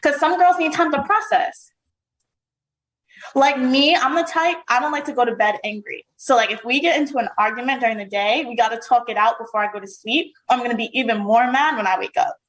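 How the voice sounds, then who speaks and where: A woman's voice: a little high, fairly quick, a bit bright, rough recording. A woman co-hosting a podcast in casual chat, assertive and laying out her views point by point. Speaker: podcast co-host.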